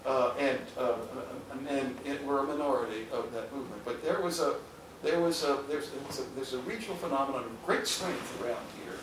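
An older man, a historian, giving a halting public lecture full of fillers and restarts to an audience in a hall. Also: medium pitch. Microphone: far room microphone. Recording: echoey hall, distant mic, noisy.

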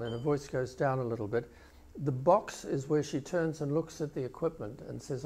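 An older male professor giving a conference keynote, explaining video clips with pauses and restarts. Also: mid-range voice, darkish tone, slight background noise. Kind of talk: conference lecture.

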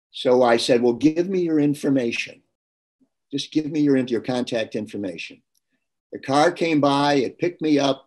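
Middle-aged male interviewer, mid pitch, earnest storyteller who quotes dialogue. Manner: earnest, anecdotal, warm recollection with quoted dialogue. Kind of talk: personal storytelling to a guest.

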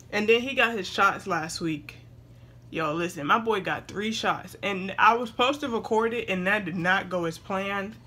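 A woman's voice: medium pitch, sharp tone, slight background noise. A young woman vlogging casually at home, chatting to viewers and breaking off to talk to her baby. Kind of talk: casual chat to camera.

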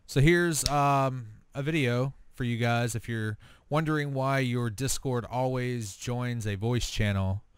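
A man casually talking through a software fix on screen, thinking aloud as he tests it. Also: mid-range voice, clean tone, no room sound. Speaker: streamer. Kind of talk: screen-recorded tech walkthrough.

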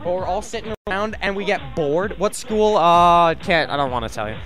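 A man's voice: high-pitched, animated, normal speed, low-quality recording. A young man from Canada telling crude school stories in a rambling, casual way, laughing at himself. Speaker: livestreamer. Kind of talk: casual storytelling chat.

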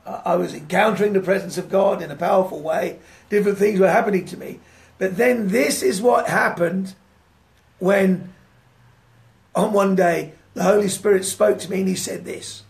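High, gravelly-voiced preacher. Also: male voice, fairly even intonation, moderate pace. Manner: fervent, swinging between loud declarations and hushed prayer; laughs often while telling a story. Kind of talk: sermon with prayer and testimony.

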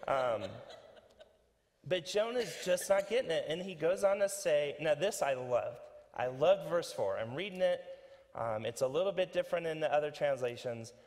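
A pastor giving a conversational, animated sermon with many fillers and restarts. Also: male voice, on the high side, normal speed, big-room sound. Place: church sanctuary.

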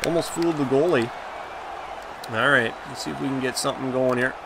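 A man commenting live on the hockey video game he is playing, reacting loudly to each play and groaning at his mistakes. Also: medium pitch, brisk, vocal fry, a crowd in the background, noisy background. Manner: excitable, reacts loudly, groans and laughs at plays. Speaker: gaming channel host.

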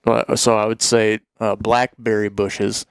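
A man's voice: fairly low pitch, flat delivery, unhurried, creaky, smooth, dry recording, studio quality. Laughing, rambling man telling stories. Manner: rambling, laughs often, acts out quotes. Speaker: podcast guest telling hunting stories. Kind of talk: casual storytelling chat.

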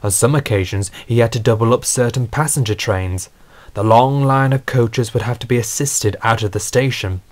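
A man narrating a scripted storybook in a steady, earnest way. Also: medium pitch, normal speed.

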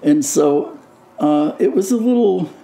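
An older man telling a story from his past in an interview, halting and full of fillers and restarts. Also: fairly high pitch, animated, creaky, warm tone. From United States. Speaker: interviewee, lichen curator. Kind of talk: storytelling reminiscence.

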